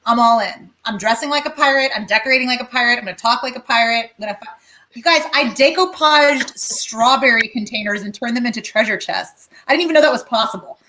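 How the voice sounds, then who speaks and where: A woman co-hosting a casual talk show, chatty and quick, full of "like", acting out her own thoughts as she tells a story. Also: fairly high pitch, pushed and bright, slight background noise. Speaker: co-host.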